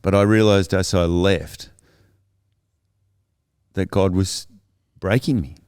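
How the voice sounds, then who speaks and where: A man's voice: low-pitched, fairly even intonation, slow, a little mellow, clear, resonant tone, no echo, clean studio sound. A man as a podcast guest, earnestly telling his life story in a thoughtful, reflective way that is often self-correcting.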